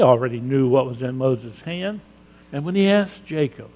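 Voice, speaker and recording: A man's voice: on the high side, animated, moderate pace, darkish tone. A male pastor preaching a sermon emphatically, with rhetorical questions and dramatized quotes in a church sanctuary. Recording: long reverb of a large hall.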